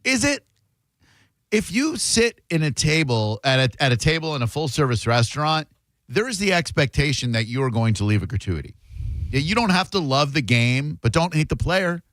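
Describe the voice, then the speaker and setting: A radio host man with a lively, swooping delivery who tells stories casually and puts on voices for the people in them. He is recorded dry and close in the studio. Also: on the high side, normal speed, no echo. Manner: animated, acts out voices in his stories. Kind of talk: casual talk radio storytelling.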